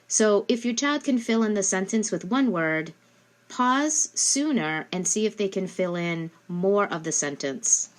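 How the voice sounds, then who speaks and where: A woman giving instructional narration as a speech therapist, speaking slowly and carefully and modeling questions for a child. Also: on the low side. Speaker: speech-language pathologist.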